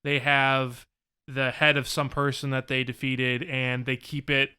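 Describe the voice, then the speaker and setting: Bright, smooth-voiced man chatting. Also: medium pitch, flat delivery, a little slow. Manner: rambling, frequent ums. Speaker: podcast co-host. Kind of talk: casual chat.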